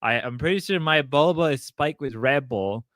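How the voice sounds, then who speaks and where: Young man, livestream host, crude, erratic, slightly high voice, dry close sound. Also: normal speed, dry recording. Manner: loud, erratic, crude, riffing at chat. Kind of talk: casual stream chat.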